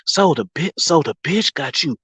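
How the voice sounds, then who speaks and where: Livestream host: husky man with a lively, swooping delivery, mocking and quick to laugh. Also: fairly high pitch, dry recording, low-quality recording. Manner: animated, mocking, laughs often between lines. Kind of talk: casual livestream rant.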